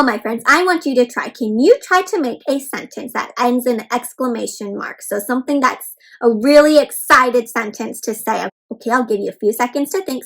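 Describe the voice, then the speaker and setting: A woman whose voice sits on the high side with a fairly bright tone reads aloud to young children on a rough recording. Encouraging and bouncy, she uses a sing-song teacher delivery with counted prompts and frequently calls her audience friends.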